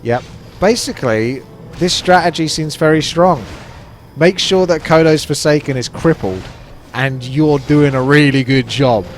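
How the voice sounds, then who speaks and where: A man's voice: fairly high pitch, measured pace, soft background music. A man casting a live strategy game match, chatty and analytical. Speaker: esports caster.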